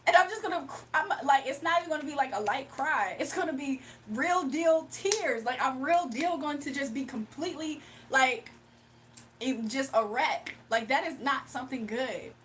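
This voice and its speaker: A woman hosting a casual livestream, talking straight to her viewers and chat, animated and laughing often. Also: high-pitched, moderate pace. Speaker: livestream host. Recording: distant mic with faint background noise.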